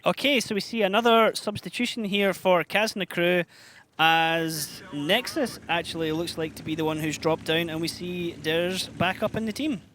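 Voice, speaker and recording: A man with a Scottish accent casting a live esports match, upbeat and quick with the play-by-play. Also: sits high, a bit bright. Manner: brisk, upbeat play-by-play with laughs. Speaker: esports caster.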